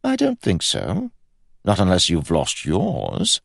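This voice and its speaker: A man voicing a playful, teasing young prince of about twenty, calm and wryly amused. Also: deep voice, takes it slowly, gravelly, no room sound, studio quality, pitched above the performer's own voice, heavily acted.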